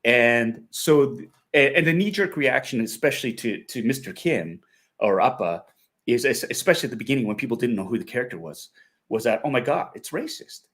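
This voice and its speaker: A man's voice: mid-range voice, fairly quick, a bit bright. A middle-aged man with a Canadian accent, a guest actor talking earnestly and reflectively in a casual interview, laughing often.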